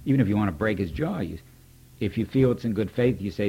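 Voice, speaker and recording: A man's voice: lowish voice, fairly quick, darkish tone, husky. An older man, a poet, candidly recalling a mentor in wry spoken stories, acting out old conversations. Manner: candid, wry storyteller who acts out remembered dialogue. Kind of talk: reflective spoken reminiscence.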